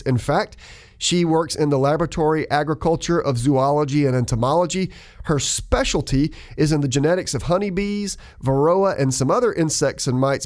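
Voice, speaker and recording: Male podcast host, warm dark voice, friendly interview manner. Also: on the high side.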